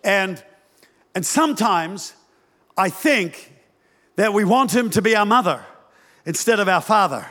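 A man preaches with lively humor, slipping into playful impressions of mothers and fathers. His voice sits high, and it rings with a long reverb through a large hall. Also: unhurried, long pauses. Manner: animated, acts out parents' voices with humor. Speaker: pastor. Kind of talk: sermon.

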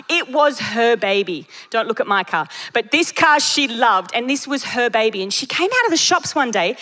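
A woman preacher delivering a sermon, telling stories with lively energy and laughing at her own jokes. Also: on the high side. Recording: long reverb of a large hall.

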